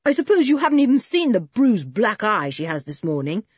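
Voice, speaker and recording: A woman's voice: mid-range voice, big pitch swings, fairly quick, husky, no echo, dull audio, pitched above the performer's own voice. A woman reading aloud, voicing a confident, cool-headed teenage boy who speaks coldly and firmly. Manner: cold and firm.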